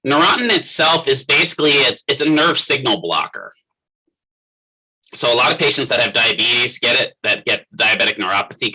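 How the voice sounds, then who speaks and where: A man's voice: medium pitch, pushed and bright, breathy edge, poor audio. A middle-aged man teaching a physical therapy class in a conversational lecture, often putting questions to students by name. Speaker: physical therapist assistant instructor.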